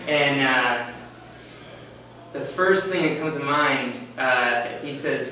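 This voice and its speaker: A man's voice: medium pitch, takes it slowly, sharp tone, a little hiss or hum. A man in his twenties telling a story at a live story slam, rambling casually with lots of "like" and "uh" and laughing at his own tale. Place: small event venue, on stage. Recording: very echoey room from a distance, faint ambience.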